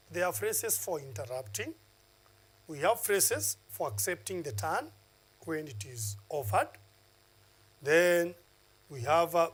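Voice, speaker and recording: A man's voice: on the high side, husky, low-quality recording. A man teaching a lesson on a TV channel, lecturing and counting off numbered points with filler uhs. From Kenya.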